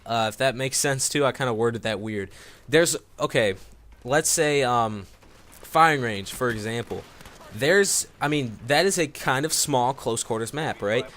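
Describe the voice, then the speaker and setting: A man's voice: medium pitch, measured pace, a bit bright. A young man giving casual gameplay commentary, rambling and repeating words with many fillers. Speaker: gaming commentator.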